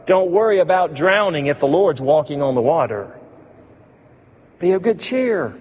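A man preaching a sermon, repeating key phrases with emphasis and sinking low and soft in quiet passages. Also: animated, moderate pace, pauses often, slightly rough. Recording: long reverb of a large hall.

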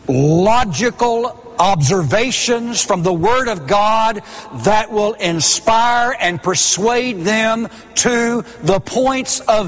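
A middle-aged male preacher delivers his sermon slowly and deliberately, leaning on repeated words for emphasis. His voice sits a little high for a man. Long reverb from the sanctuary trails behind every phrase.

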